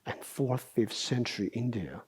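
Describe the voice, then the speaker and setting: A middle-aged man giving a Buddhist dharma talk as a meditation teacher. He explains things at an unhurried pace, asking rhetorical questions and often adding "right?". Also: mid-range voice, animated, husky.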